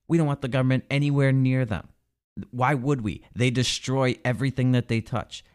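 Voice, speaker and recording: A man delivering a sarcastic, exasperated political rant as a commentator, mocking and scolding. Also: lowish voice. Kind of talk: ranting monologue.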